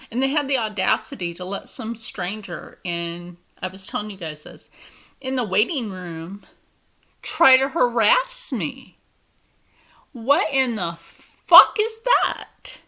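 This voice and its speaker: A woman's voice: mid-range voice, expressive, measured pace, bright, forceful tone. A young woman with a Philadelphia accent ranting to camera, profane, indignant and emphatic. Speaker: vlogger. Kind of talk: angry rant to camera.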